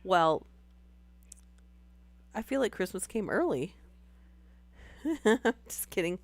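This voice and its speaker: A woman with a hoarse, worn voice after losing it, casually reading stories aloud on a live stream and laughing between lines. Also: medium pitch, sing-song, takes it slowly, long pauses.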